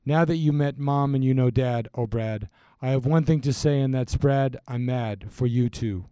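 A doting young woman newly engaged, as a man reads her lines without much change of voice. His tone stays mellow and the sound is dry and close. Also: medium pitch, normal speed, clean tone, dry recording, close to an everyday voice.

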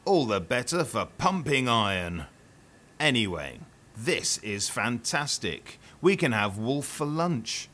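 A man's voice: mid-range voice, big pitch swings, slow, sharp tone, pitched above the performer's own voice, full character voice. A man voicing a tough, hearty, muscular old granny.

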